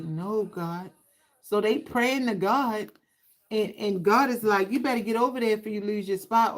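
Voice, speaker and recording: In a low-quality recording, a tarot reader with a medium-pitched voice chats sassily through a casual livestream reading. She speaks straight to those watching, keeping an easy, conversational flow.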